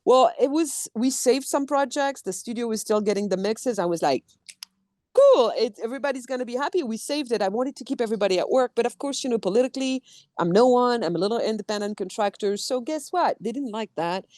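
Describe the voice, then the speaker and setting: A woman from France with a French accent, a voice director and actor talking as a podcast guest in a lively, expressive way, acting out quotes. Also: a little high, quick pace, dry recording, clean studio sound. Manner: animated, expressive, acts out quotes. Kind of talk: casual interview chat.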